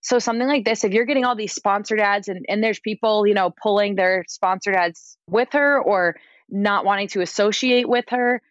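A woman's voice: mid-range voice, normal speed, no echo. Casual woman guest on a dry, dull line. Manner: casual, with frequent "like" fillers. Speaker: podcast guest, entertainment editor. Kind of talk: casual chat.

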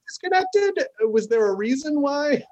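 A man's voice: extremely high pitch, very animated, unhurried, darkish tone, lo-fi sound. A man hosting a podcast in a casual, rambling way, full of filler words. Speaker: podcast host. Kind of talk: casual chat.

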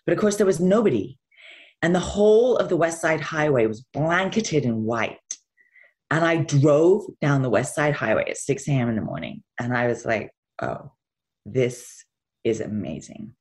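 A woman's voice: deep voice, animated, moderate pace, a little mellow. A woman answering interview questions in a rambling, easygoing way, with lots of fillers and laughter. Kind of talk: casual interview chat.

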